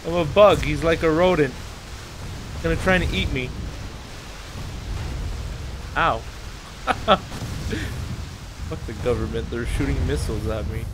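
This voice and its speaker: A man's voice: medium pitch, unhurried, pauses often, noisy background. A man streaming a monster-fighting video game live, commentating with lots of swearing, laughter and outbursts at his opponents. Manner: excitable, profane, laughs a lot, talks to the game. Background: game music and sound effects.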